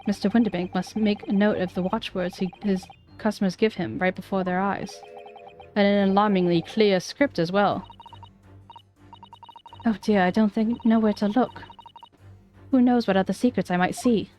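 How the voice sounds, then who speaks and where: A woman's voice: medium pitch, fairly even intonation, normal speed, a little mellow, lightly acted. A demure young assistant speaks politely and a little flustered, as a woman reads her lines. The voice sits in a middling register with faint music beneath it. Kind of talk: reading game dialogue aloud.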